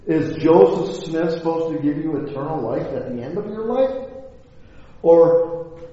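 A man's voice: a little high, animated, unhurried, dark tone. A man giving an informal, folksy Bible talk that rambles along and is full of rhetorical questions. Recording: echoey hall, dull lo-fi sound, faint hiss.

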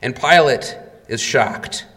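A man's voice: medium pitch, slow, a bit bright. A man preaching a sermon, retelling scenes dramatically and rising in volume for quoted cries. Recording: long reverb of a hall.

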